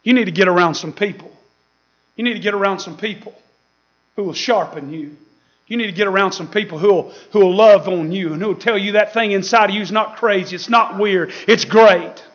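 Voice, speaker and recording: A man preaching a fiery sermon, with shouted peaks and laughter. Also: sits high, brisk, muffled recording.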